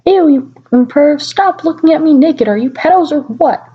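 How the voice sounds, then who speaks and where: A woman's voice: sits high, unhurried. A woman voicing a melodramatic teenage goth girl, overwrought and whiny, on a lo-fi home recording. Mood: shrill.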